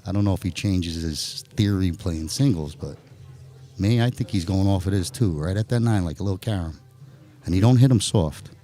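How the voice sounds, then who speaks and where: A low-voiced man with a New Jersey accent gives live commentary on a pool match at a normal speed, sounding animated, jokey and chatty. Soft music plays in the background.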